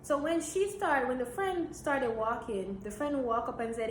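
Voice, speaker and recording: A young woman from Jamaica, telling a story in a blunt, animated, swearing way. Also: high-pitched, moderate pace, few pauses. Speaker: vlogger. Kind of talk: storytime vlog. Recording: roomy echo, faint hiss.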